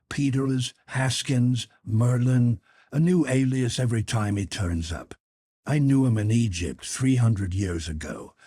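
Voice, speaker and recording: A man's voice: fairly low pitch, warm tone, breathy edge, no echo. A man voicing a brash, scoffing grown man who blusters and mocks, in an audiobook reading. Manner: blustering, mocking.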